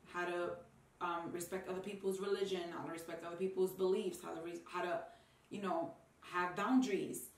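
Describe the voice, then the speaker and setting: A young woman and new mother talking to camera in a heartfelt, rambling way with many ums and restarts. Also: on the low side. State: tearful at times. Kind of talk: personal talk to camera. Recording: roomy sound, mic a bit distant.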